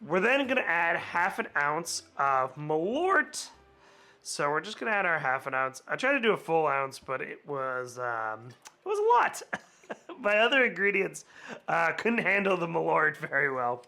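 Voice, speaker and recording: Sing-song and a little slow, his voice sits on the high side, with vocal fry and a sharp edge. He hosts a casual cocktail channel, slightly hungover, chatting and laughing a lot with rambling digressions.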